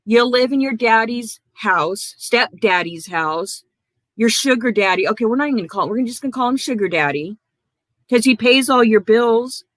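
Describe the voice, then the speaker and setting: With lively intonation and a somewhat high, slightly bright voice at normal speed, a woman rants angrily on her own livestream, swearing a lot and confronting viewers by name. There's no echo.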